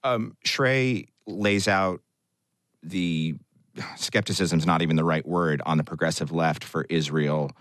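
A man with a very low, deep voice hosts a news talk show on public radio. He sounds conversational and measured and slips in the odd light joke. The studio sound is close and dry, with no room echo. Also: a bit bright. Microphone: studio microphone.

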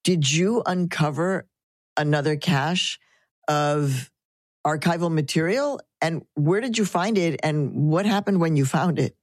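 A woman's voice: low-pitched, a little slow, no room sound, clean studio sound. A woman interviewing guests, asking questions with enthusiastic, effusive reactions.

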